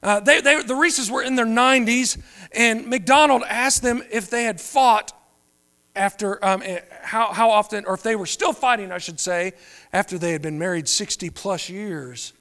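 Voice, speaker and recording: A man preaching a sermon, moving between quiet, drawn-out phrases and louder emphatic ones. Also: high-pitched. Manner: preaching with wide swings between soft and loud. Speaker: pastor.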